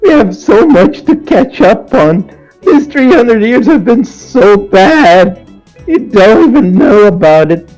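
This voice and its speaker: A man playing a devoted robot servant whose voice sits high and swings widely. It is slow, tearful and clingy toward its boss, with faint music underneath. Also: sing-song, a little mellow, heavily acted, low-quality recording.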